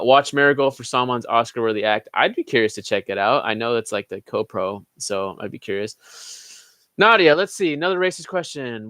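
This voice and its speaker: Reading live chat questions aloud, a young man answers them offhand and swears without restraint in a laid-back livestream Q&A. His mid-range voice comes across pushed and bright, with no echo.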